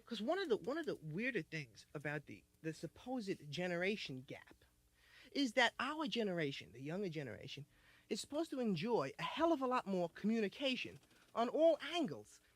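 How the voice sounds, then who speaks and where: Rambling young stand-up comic, lively pitch. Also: male voice, moderate pace, dry recording. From United States. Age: 20s. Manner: rambling, riffing with many "you know"s. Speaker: stand-up comedian. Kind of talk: stand-up comedy. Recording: noisy vintage vinyl album.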